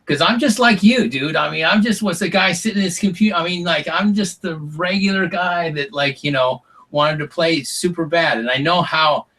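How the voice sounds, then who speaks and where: Husky, bright-voiced man rambling through a story. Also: on the high side, normal speed, hardly any pauses, low-quality recording. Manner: rambling, full of "like" and "you know", restarts. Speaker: interview guest, former reality show contestant. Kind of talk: casual interview storytelling.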